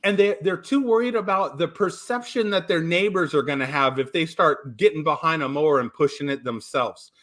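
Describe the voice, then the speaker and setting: A man's voice: on the high side, fairly quick, few pauses, a bit bright. A man calling in to a talk show, ranting emphatically with stumbling restarts and blunt profanity. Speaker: caller. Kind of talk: call-in radio chat.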